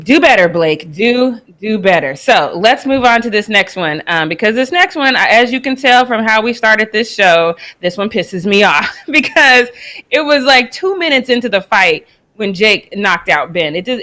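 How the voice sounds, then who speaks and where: A woman's voice: mid-range voice, bright, forceful tone. A woman from the United States hosting a live sports talk show, chatting casually and laughing as she reacts to clips. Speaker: host. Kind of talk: casual commentary on sports news.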